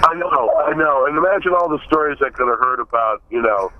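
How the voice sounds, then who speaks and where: A man from Buffalo tells his stories in a relaxed, animated way and slips into voices for the people he quotes. The recording sounds a little muffled and dull. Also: medium pitch, brisk, a little hiss or hum. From Buffalo, New York. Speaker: guest. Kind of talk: casual storytelling in an interview.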